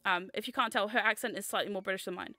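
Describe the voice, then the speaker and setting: A young woman from the United States hosting a casual livestream chat, giggly and excitable, reading comments aloud. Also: medium pitch, very fast, heavy background noise. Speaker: livestream host.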